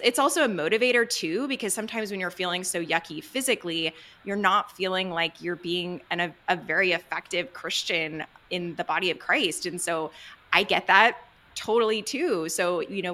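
A woman psychiatrist answering interview questions earnestly and excitedly, with many "you know"s and restarts. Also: on the low side, a little fast. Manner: excited, earnest, talks freely with many fillers. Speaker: psychiatrist guest.

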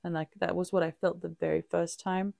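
A woman co-hosting a podcast talks in a casual, open, reflective way, her low voice very gravelly, dark and mellow with a level tone. She halts often, restarting sentences and using fillers. The recording is dry and close, with no echo.

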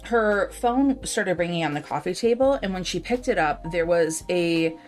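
Woman co-host, low-ish voice, candid and animated, faint music under. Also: normal speed. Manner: candid, animated storytelling with swearing. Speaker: podcast co-host. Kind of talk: casual book discussion.

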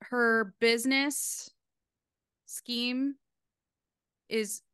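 A woman's voice: a little high, fairly even intonation, drawn-out words, a bit bright, smooth, no echo, studio quality. A young adult woman co-hosting a podcast, chatting casually and giving strong opinions. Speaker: podcast co-host. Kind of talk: casual chat.

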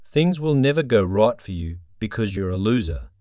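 A man reading a cruel, taunting inner voice in a cold, steady way, for an audio story. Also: fairly low pitch, normal speed, no room sound, studio quality. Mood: bleak.

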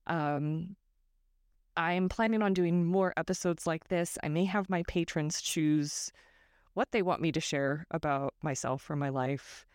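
A woman's voice: low voice, unhurried, smooth, no room sound. A woman from Northern California hosting her own podcast, talking reflectively and with self-deprecating digressions into a close microphone. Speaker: podcast host. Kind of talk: reflective solo podcast monologue.

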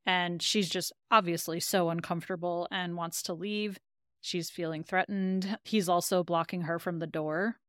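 This podcast co-host has a fairly low, steady voice and talks at a moderate pace while casually recapping an episode, retelling its scenes through quoted lines. The recording is studio quality with no echo.

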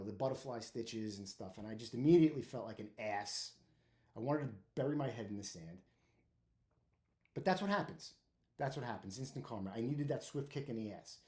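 A man's voice: medium pitch, dark tone. A middle-aged man, a former firefighter, giving blunt, profane tough-love advice in a casual monologue, often restarting and trailing off as he recalls things. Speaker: podcast host, former firefighter. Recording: echoey room.

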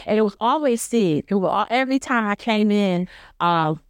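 A woman's voice: expressive, brisk, clear, resonant tone, dry recording. A woman giving an earnest personal faith testimony in a conversational way, acting out her own remembered lines. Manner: earnest, acts out her own quoted dialogue with rising pitch; conversational, many fillers and restarts. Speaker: church member giving testimony.

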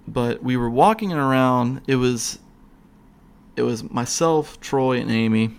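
A Floridian man tells the story of a paranormal investigation, rambling loosely and excitedly. He speaks a little slowly in a gravelly, mid-pitched voice, stumbling over restarts and fillers as the ghost-hunting tale spills out.

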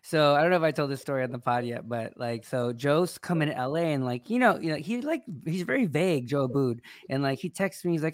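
Brief: man in casual podcast chat, higher register, dry close mic, animated and profane storyteller. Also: fast, dry recording. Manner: animated storyteller, swears freely. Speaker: podcast co-host.

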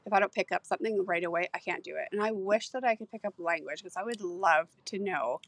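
A woman co-hosting a casual podcast chat, giggly, excitable and self-mocking. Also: medium pitch, quick pace, no echo. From Canada. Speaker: podcast co-host.

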